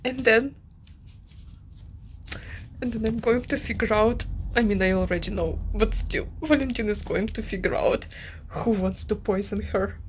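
A woman's voice: medium pitch, a little slow, pauses often, a little hiss or hum. A woman book vlogger talking emotionally about her reading, overwrought and repeating herself, sometimes dropping to a whisper. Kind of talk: emotional reading-vlog chat.

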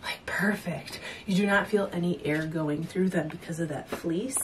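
Casual female vlogger, lower voice, rambling and giggly, recorded from afar on a noisy camera mic. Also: moderate pace, distant mic. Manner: chatty, rambling, laughs often. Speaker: fitness vlogger showing purchases. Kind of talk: casual haul vlog. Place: at home, indoors.

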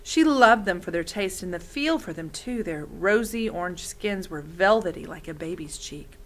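A woman's voice: fairly low pitch, animated, normal speed, rough recording. A woman reading a children's novel aloud in a friendly way, stopping to explain words.

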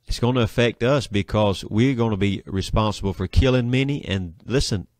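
A man's voice: lowish voice, normal speed, a little mellow, no echo. A man co-hosting a religious radio show, speaking in an emphatic, sermon-like way and affirming his partner.

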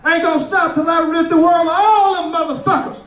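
A man's voice: extremely high pitch, steady tone, fairly quick, a bit bright, roomy sound, recorded from a distance. A man on stage playing a male lion, roaring and gloating in a rowdy, gleeful way. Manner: growling roars, gleeful, rowdy.

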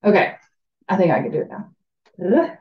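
A woman's voice: on the low side, huge pitch swings, brisk, highs cut off. A woman reading a fantasy novel aloud, chatting and laughing in the breaks between passages. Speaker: reader of a fan audiobook.

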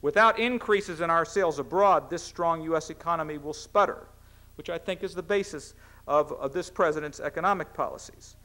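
A middle-aged American cabinet secretary delivers a formal speech. His voice sits a little high for a man, and he talks in an earnest, measured way. Now and then he stumbles and restarts a phrase. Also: bright, forceful tone. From United States.

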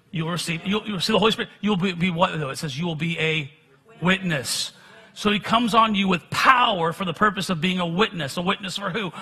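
A man's voice: sits high, bright, forceful tone, husky. A middle-aged man preaching a sermon, telling personal stories in a conversational way with self-deprecating humor.

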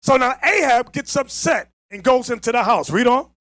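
A man preaching a fiery Bible lesson, emphatic and mocking, often raising his voice to a shout. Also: very high-pitched, expressive, moderate pace, no room sound. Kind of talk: fiery street-style Bible teaching.

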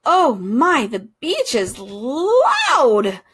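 A woman voicing an excitable, adventurous male duck in a children's storybook reading, eager and squealing. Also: high voice, measured pace, voice pushed up, heavily acted.

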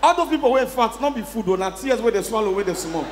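A male stand-up comedian with a Nigerian accent works a live crowd, slipping into pidgin English and shouting his punchlines. His voice sits very high. The sound rings with the long reverb of a big hall. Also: expressive, quick pace, background noise. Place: live show venue with audience.

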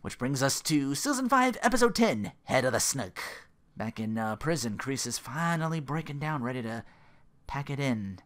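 Lively, profane man recapping a show. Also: medium pitch. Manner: rambling, profane, quick to laugh. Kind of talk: casual episode recap.

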